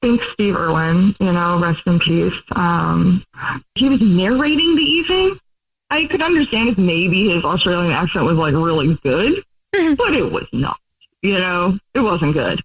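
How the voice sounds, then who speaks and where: A woman's voice: lowish voice, sing-song, a little slow, breathy edge. A woman calling in to a radio show, talking casually and hesitantly with many ums and laughs. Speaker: caller. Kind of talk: casual phone chat. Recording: phone line.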